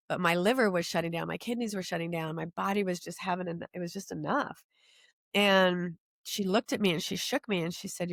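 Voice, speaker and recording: A middle-aged woman with a somewhat low voice tells her own story as an interview guest. She speaks earnestly and with feeling, sometimes stopping to restart her sentences. The recording is dry and close. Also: no echo. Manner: earnest, emotional, halting with restarts.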